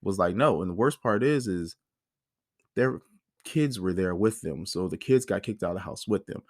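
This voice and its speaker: A man in his thirties with a lowish voice rants through a casual podcast monologue, heated and full of profanity. The sound is dry and close, with no room around it. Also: normal speed, dry recording. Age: 30s. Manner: heated, profane, animated storytelling. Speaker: podcast host.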